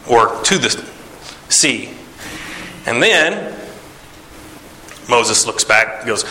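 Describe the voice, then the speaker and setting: A man retelling a Bible story in a casual, animated way, acting out the characters with sighs and jumps in pitch. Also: slight background noise. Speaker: preacher. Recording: echoey room.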